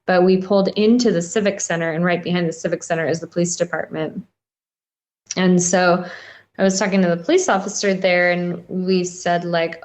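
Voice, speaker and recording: A woman guest on a podcast interview, recounting a personal experience in a rambling, halting way with many fillers. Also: fairly low pitch, fairly even intonation, a little mellow.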